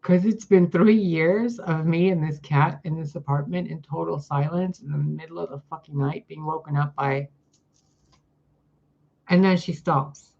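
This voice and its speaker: Woman vlogger, husky and gravelly, exasperated rant, dull phone-mic sound. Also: low-pitched, moderate pace, hardly any pauses. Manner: profane, exasperated, ranting. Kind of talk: casual vlog rant.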